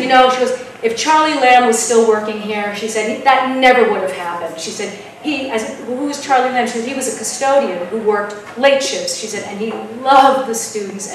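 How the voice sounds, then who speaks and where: A woman telling a spooky story at an open mic, dramatic and dropping to a hush at tense moments. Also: a little high, slight background noise. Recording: echoey room from far off.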